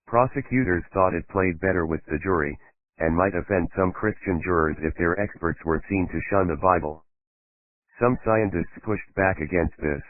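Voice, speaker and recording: A man narrating a crime novel in a steady, even-paced reading. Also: deep voice, no room sound. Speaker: audiobook narrator. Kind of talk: scripted narration. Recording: tinny phone-like dry sound.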